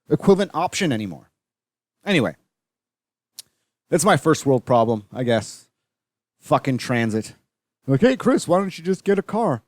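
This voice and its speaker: Man, podcast host, profane rant, rambling, slightly high voice, dry close sound. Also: no room sound. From Canada. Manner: profane, ranting, swears constantly; rambling with many fillers and restarts. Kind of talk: solo podcast monologue.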